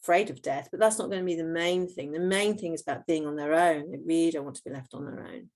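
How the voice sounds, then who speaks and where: A middle-aged woman talks through her work as a homeopath. Her voice sits fairly low and carries a gravelly edge. She explains patiently, pausing on "um" and "you know" and restarting phrases as she goes. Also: darkish tone. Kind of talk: explaining in a podcast interview.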